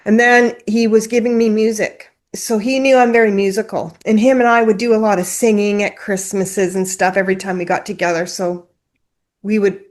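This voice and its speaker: A woman in the middle of her voice range, telling a deeply personal story as a guest in an interview. She talks conversationally and leans on filler words. Her delivery is raw and emotional. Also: level tone, moderate pace. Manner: emotional, tearful at times, apologetic.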